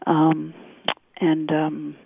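Gravelly woman on a tinny phone line. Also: low voice, completely flat delivery, no echo. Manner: halting, many restarts and fillers. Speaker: activist guest. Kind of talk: phone-in radio interview.

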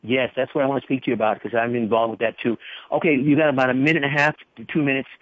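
A man's voice: mid-range voice, fairly even intonation, dry recording. Male radio host, chatty and rambling, heard through a narrow tinny radio band. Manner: rambling, spells things out slowly. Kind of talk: casual radio talk. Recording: tinny phone-like radio audio.

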